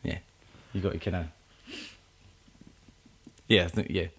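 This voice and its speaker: Scottish man, Scottish accent, low husky voice, laid-back rambling chat. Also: steady tone, measured pace. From Scotland. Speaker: singer-songwriter guest. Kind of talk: casual chat.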